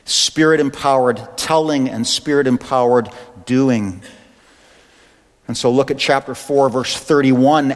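A male pastor preaching an impassioned sermon and reading scripture aloud. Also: medium pitch. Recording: echoey hall reverb.

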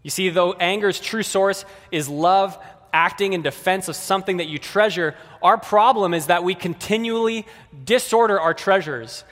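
A man's voice: high-pitched, moderate pace, a bit bright. Man preaching in a reverberant hall. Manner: conversational, addressing kids and adults directly. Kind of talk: sermon.

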